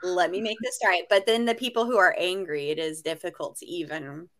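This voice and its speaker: Her voice is lowish and brisk: a woman co-hosting a laid-back podcast, who is also a reseller, tells animated stories and acts out people's lines.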